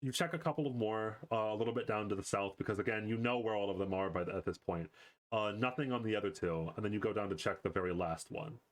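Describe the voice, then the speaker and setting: A man's voice: on the low side, quick pace. A man narrating as game master, describing the scene with lots of fillers and self-corrections.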